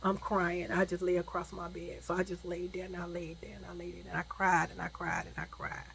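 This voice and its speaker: A woman's voice: lowish voice, flat delivery, a little fast, vocal fry, a bit bright. A woman telling a personal story to her viewers in a casual, chatty way, repeating herself and swearing freely. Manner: chatty, repetitive, profane, addresses viewers directly.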